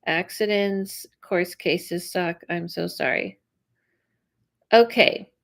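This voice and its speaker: Slow-talking chatty woman psychic. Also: on the low side, creaky. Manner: chatty, reacts to viewer comments aloud. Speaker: psychic medium host. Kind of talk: live-stream reading chat.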